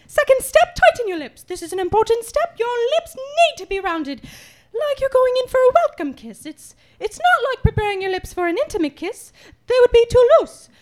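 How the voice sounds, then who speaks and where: A grand, eccentric singing teacher, acted by a woman in a comedy sketch, her voice pitched very high and swooping wildly up and down. She lectures theatrically, full of airs, and scolds her pupils with lofty, odd comparisons. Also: very animated, moderate pace. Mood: grandly instructive.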